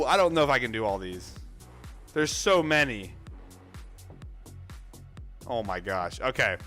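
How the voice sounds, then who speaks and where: A man hosting a trading livestream in casual chat, reading out viewer names rapidly with excited outbursts and running out of breath. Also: medium pitch, soft background music.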